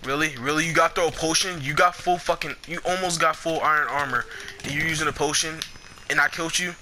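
A young man giving casual gameplay commentary, excitable and foul-mouthed, trash-talking the players he fights. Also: on the high side, fast, crowd noise. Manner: excitable, swears a lot, trash-talks opponents.

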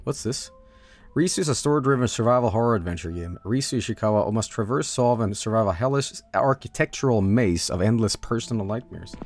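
A male streamer chatting casually at a home desk mic, his pitch bouncing all over as he talks. He reads game blurbs in a quick rattle and now and then jumps into goofy high squeals. A faint bit of music hums underneath. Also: animated. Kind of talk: casual live-stream commentary.

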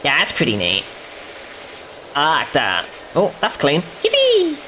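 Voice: medium pitch, sing-song, slow pace, sharp tone, a little hiss or hum. A gamer giving playful let's-play commentary, goofy, talking to themself and humming silly tunes. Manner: goofy, talks to self, hums silly tunes.

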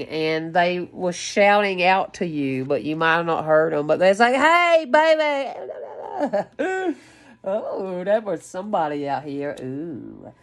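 Woman, lowish voice, spiritual reading to camera, excitable, rambling, gasping, swearing. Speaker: spiritual card reader. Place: her home, lives in West Virginia.

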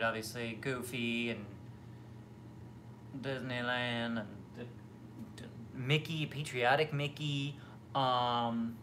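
A man's voice: medium pitch, fairly bright tone, slight background noise. A young man hosting a casual livestream from his home kitchen, chatting in a rambling way with lots of fillers and restarts as he answers viewers. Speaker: livestream host. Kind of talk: casual livestream chat reading comments. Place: home, near the kitchen fridge.

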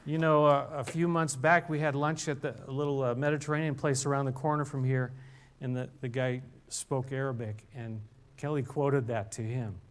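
An older man preaching a relaxed sermon in a church, conversational and halting, often restarting his sentences. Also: medium pitch, a faint crowd, slight background noise. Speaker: pastor. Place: church sanctuary.

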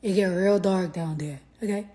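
A woman's voice: fairly low pitch, moderate pace, dark tone. A tired woman rambling casually and profanely on a live stream from her phone, repeating herself as she talks to fans.

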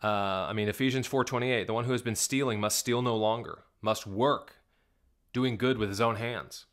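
A man's voice: mid-range voice, steady tone, normal speed, a bit bright. A male pastor giving video reaction commentary, emphatic and indignant, firing rhetorical questions at his viewers. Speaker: Southern Baptist pastor.

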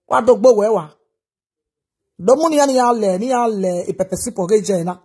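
Husky Nigerian woman giving preachy advice. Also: medium pitch, normal speed, mellow. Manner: preachy, repeats her advice. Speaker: commentator. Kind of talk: reaction commentary vlog.

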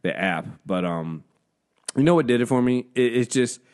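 A man's voice: mid-range voice, lively intonation, normal speed, a little mellow. A man hosting a podcast in casual chat, rambling, swearing freely and laughing often. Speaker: podcast host.

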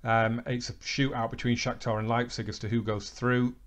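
Man doing excitable game commentary. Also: medium pitch, moderate pace. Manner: excitable match commentary, relaxed recap. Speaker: gaming channel host. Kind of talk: let's play commentary.

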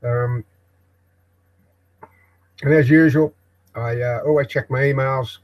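Older Australian man, host of a homemade live broadcast; mid-pitched, halting, talks off the cuff with lots of ums and restarts. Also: steady tone, poor audio. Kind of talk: rambling live broadcast monologue. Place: backyard shed office.

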